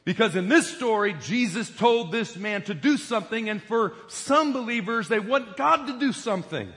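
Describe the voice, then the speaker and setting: A man's voice: high-pitched, animated, moderate pace, a bit bright, long reverb tail. A man preaching a sermon as pastor in a church, emphatic and asking the congregation questions.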